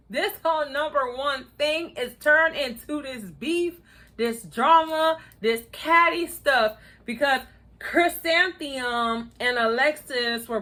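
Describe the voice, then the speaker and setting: A woman chatting casually about a reality show in an animated, sassy way, often laughing and acting out quotes. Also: high-pitched. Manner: laughs often while talking. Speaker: YouTuber reviewing a reality dating show. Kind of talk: casual chat.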